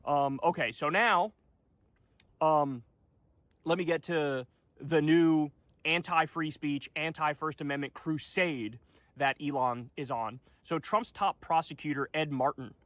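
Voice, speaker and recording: A man's voice: fairly high pitch, a little slow, fairly bright tone, no echo. A man doing political video commentary in a sarcastic, incredulous tone.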